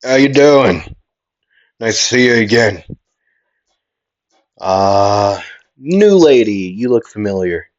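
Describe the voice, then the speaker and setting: A brash, cheerful young knight, as a man puts him on, greeting old friends loudly and ribbing them. The voice sits a little higher than a plain talking voice. The sound is dull and lo-fi. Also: animated, slow pace, long pauses. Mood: friendly. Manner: loud, friendly, teasing greetings.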